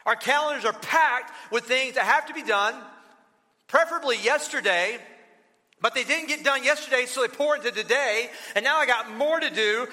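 A man's voice: very high-pitched, normal speed, sharp tone. A middle-aged male pastor giving a conversational sermon with stories and joking asides. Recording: long reverb of a large hall.

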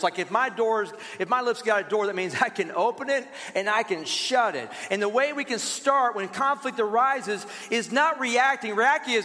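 A man preaching a sermon as pastor, telling lively stories and calling on the congregation to read along. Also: sits high. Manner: lively storytelling with asides to the congregation. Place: church. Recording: reverberant church hall.

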